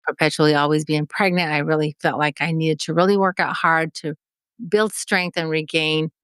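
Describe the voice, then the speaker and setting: A woman's voice: low-pitched, fairly even intonation, normal speed, fairly bright tone, clean tone, no room sound. A woman in her forties from Mexico, a podcast guest telling an emotional personal story and acting out the dialogue. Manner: vivid, acts out remembered dialogue.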